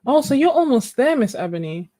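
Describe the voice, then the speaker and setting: A woman's voice: a little high, sing-song, a little fast, warm tone, no echo. A young woman chatting casually with viewers while she paints on a live stream, laughing often. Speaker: live-stream art host.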